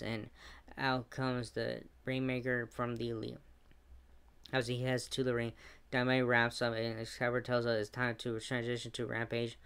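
Male wrestling reviewer, even-toned, smooth voice, recaps with asides. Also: medium pitch. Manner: play-by-play recap with fillers and quick asides.

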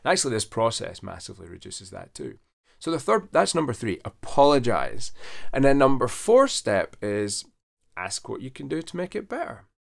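A man's voice: mid-range voice, wildly swooping pitch, normal speed, gravelly. A man in his forties, a veterinarian, talking earnestly to camera and coaching his listeners step by step in a conversational advice vlog.

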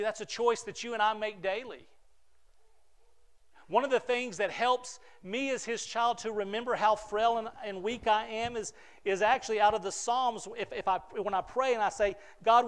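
High-voiced middle-aged preacher guy, earnest sermon, gets real quiet then builds back up. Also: fairly even intonation, moderate pace. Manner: earnest, repeats words, drops to soft near-whispers then rises. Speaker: pastor.

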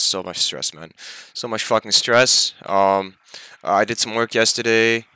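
A man's voice: on the low side, a little slow, pushed and bright, smooth, no echo. A young man venting his stress and anger in a daily vlog, swearing often and sounding tired. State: tired, half asleep. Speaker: vlogger.

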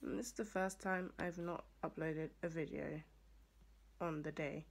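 A young woman, a student, talking casually to the camera in a rambling vlog, with lots of fillers and a rough, hoarse voice. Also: sits low, steady tone, measured pace. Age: young adult. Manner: chatty, rambling with many fillers. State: hoarse morning voice. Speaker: student vlogger.

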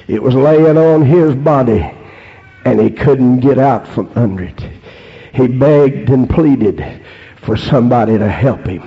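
Male holiness preacher, slow and sing-song. Peppers every line with "amen". Lo-fi recording. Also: mid-range voice. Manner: punctuates phrases with "amen", swings between hushed storytelling and shouted climaxes. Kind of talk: holiness sermon. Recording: dull lo-fi sermon recording.

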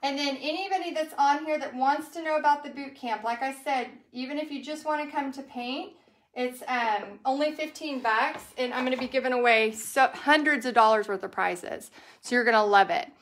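A woman's voice: high-pitched, moderate pace, a bit bright, roomy sound. A woman with a Texas accent chatting casually to livestream viewers while she paints, rambling and talking straight to them. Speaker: craft business teacher and livestream host.

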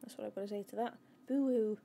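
A woman's voice: medium pitch, little pitch movement, racing, vocal fry, mellow. A woman streaming a game from home, chatting to viewers and her cat and crying out at the action. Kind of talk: live gameplay commentary. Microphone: desk microphone.

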